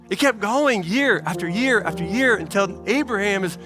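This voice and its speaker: Pastor guy giving a sermon, kinda high bright voice, pleading, repeats himself a lot, soft music in back. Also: moderate pace, hardly any pauses. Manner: earnest, pleading, repeats phrases for emphasis; swings between animated bursts and soft, low asides.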